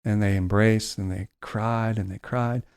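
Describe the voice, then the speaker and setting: A man telling a heartfelt story on a podcast, slowing and softening his voice at its emotional points. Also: lowish voice, fairly even intonation, clear, resonant tone. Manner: slows down and softens for emotional moments.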